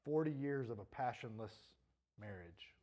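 A man's voice: medium pitch, animated, measured pace, dark tone, lo-fi sound. A male pastor preaching a sermon earnestly, his voice rising and falling in intensity, with a troubled throat.

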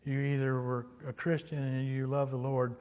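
A man's voice: mid-range voice, completely flat delivery, normal speed, darkish tone, in a large hall. A man from Texas, preaching a sermon with emphatic repetition and storytelling.

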